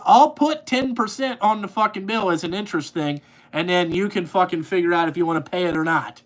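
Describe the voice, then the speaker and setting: A man's voice: high-pitched, a little fast. A man ranting angrily into his podcast mic, swearing constantly and rambling with repeated fillers. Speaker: podcast host, trucking business owner. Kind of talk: profane ranting monologue.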